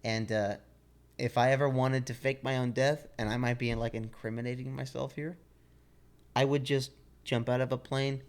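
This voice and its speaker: A man's voice: medium pitch, moderate pace. A young man co-hosting a comedy podcast, telling a story with lots of acted-out voices, sound effects and laughter. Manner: animated storytelling, acts out characters with loud sound effects and laughter. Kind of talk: casual comedic banter.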